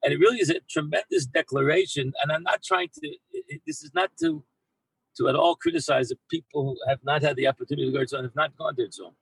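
A man who heads a yeshiva, telling an anecdote in an animated way to his former students, mixing in Hebrew and Yiddish words and often repeating himself as he goes. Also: on the high side, fast, vocal fry, breathy edge, no room sound, poor audio. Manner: frequent repeats and restarts. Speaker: rabbi and yeshiva head. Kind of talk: storytelling talk to former students.

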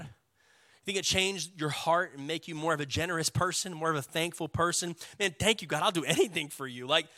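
A man with a Texan accent, a pastor preaching a sermon in a lively, casual way with call-and-response. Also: sits high, no room sound.

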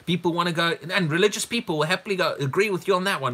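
A man preaching a sermon, animated and repeating himself as he gets excited. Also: high voice, very fast, hardly any pauses. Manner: animated, rising to loud excited bursts when quoting; repeats words and restarts when excited.

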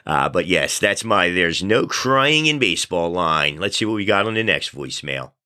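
A man's voice: low voice, animated, moderate pace, sharp tone. A man hosting a podcast in a chatty, loose way, telling stories and reading out contact details. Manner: chatty, loose, self-deprecating storyteller. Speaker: podcast host. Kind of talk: casual talk show monologue.

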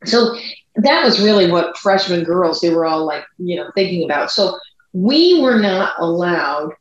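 A woman with a fairly low voice tells a personal story in a loose, chatty way, speeding up and slowing down as she goes. The recording sounds dull and lo-fi, with a roomy echo around her. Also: lively intonation. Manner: chatty, rambling, speeds up and slows down. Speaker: podcast co-host. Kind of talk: casual storytelling chat. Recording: echoey room, dull lo-fi sound.

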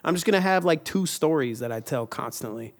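A man's voice: a little high, fairly quick. A man co-hosting a podcast, telling stories and joking in casual chat. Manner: joking, animated storytelling. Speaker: podcast co-host.

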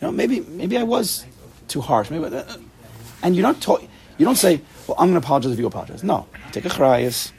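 A man leading an informal Torah class, animated and playful, full of rhetorical questions. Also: a little high, a little fast, vocal fry.

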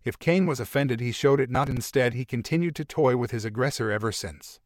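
A man narrating an amateur fantasy story, reading in a halting, stumbling way. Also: medium pitch, no room sound, clean studio sound.

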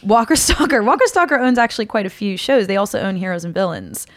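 A woman in her thirties, a cosplayer, telling stories in a lively casual chat and laughing often. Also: medium pitch, quick pace, dry recording. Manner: animated storyteller, laughs often. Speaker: cosplayer guest.

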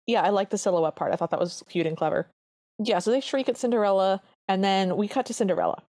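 A woman's voice: mid-range voice, mellow, no room sound, clean studio sound. A woman co-hosting a podcast, reviewing an old cartoon in an earnest, chatty way. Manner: chatty, earnest, quick asides. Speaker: podcast co-host. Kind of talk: casual review chat.

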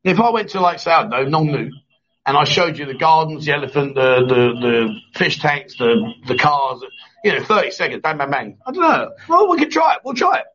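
A man's voice: on the high side, very animated, fairly quick, a bit bright, highs cut off, a little hiss or hum. A man hosting a casual live chat show, joking and teasing his co-host.

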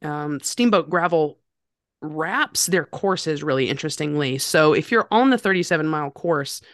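Lady telling bike stories, kinda low voice, laughs a lot, dry recording. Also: normal speed, dry recording. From North Carolina. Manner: animated, self-deprecating, laughs often. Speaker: podcast guest. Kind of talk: casual conversational storytelling.

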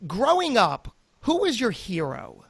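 A woman's voice: on the high side, huge pitch swings, a little slow, husky. A woman hosting a podcast interview, asking questions and giving short encouraging reactions. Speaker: podcast host.

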